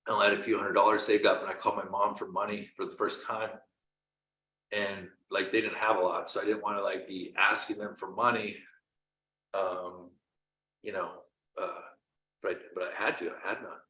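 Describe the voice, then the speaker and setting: A man in his forties from Canada gives a motivational talk, going from hushed storytelling to loud, pumped-up calls to action. His voice is bright and forceful. It sounds like he is in a roomy, echoey space. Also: low voice, level tone, normal speed. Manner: earnest, storytelling, swings from quiet to loud. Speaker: coach. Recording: roomy echo.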